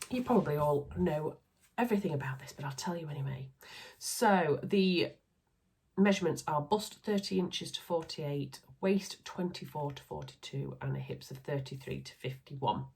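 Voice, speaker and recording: A woman with a Yorkshire accent chatting casually and cheerfully in a vlog about her sewing projects. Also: deep voice. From Yorkshire, England. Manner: chatty, upbeat, talks through sewing makes with asides. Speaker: sewing vlogger. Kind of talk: casual chat.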